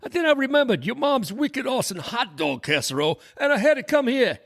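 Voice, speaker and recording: A man's voice: very high-pitched, very animated, brisk, gravelly, fairly bright tone, voice pushed up, heavily acted. A man playing a laid-back male baseball fan, easygoing and slangy.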